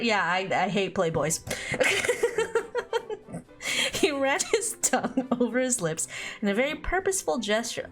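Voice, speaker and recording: A woman's voice: mid-range voice, big pitch swings, unhurried, a bit bright, faint music behind. A woman streaming a visual novel, reading it aloud with giggly, chatty commentary. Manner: giggly, laughs often, chatty asides. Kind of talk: casual let's-play commentary and reading aloud.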